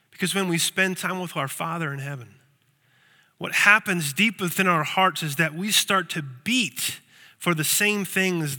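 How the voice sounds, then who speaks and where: A man's voice: high voice, sharp tone, long reverb tail. A male pastor preaching a sermon, telling a story and often repeating words as he thinks.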